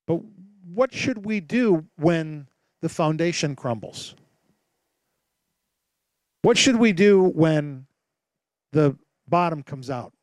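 A man preaching a sermon as pastor, telling stories with lively acted-out voices and asking rhetorical questions. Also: on the high side, takes it slowly, pauses often, no echo. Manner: animated storytelling with rhetorical questions; acts out voices and sounds in his stories.

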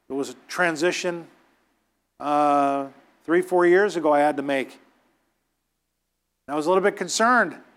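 A man's voice: on the high side, fairly bright tone, smooth. A man preaching a sermon, emphatic and exhorting, scolding his listeners and acting out the people he quotes.

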